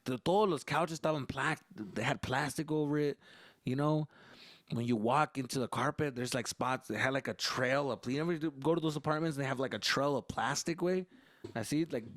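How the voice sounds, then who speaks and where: A young man hosting a podcast, telling a comedic story in a profane, animated, loose way. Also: mid-range voice, no room sound. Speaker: podcast host.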